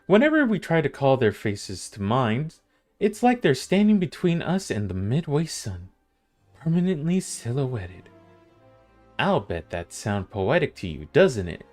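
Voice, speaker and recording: A man's voice: mid-range voice, big pitch swings, measured pace, darkish tone, soft background music. A man putting on a wry tavern mistress. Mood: storytelling. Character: female tavern owner and guild master, wry and motherly. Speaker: streamer reading game dialogue aloud.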